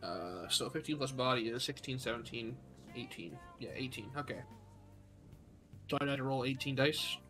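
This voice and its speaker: A young man plays a tabletop game over a voice call, with an ordinary mid-pitched voice. He asks about rules hesitantly, laughs at himself and swears casually. Faint music sits in the background. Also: moderate pace, a bit bright. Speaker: player. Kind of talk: playing a tabletop game online.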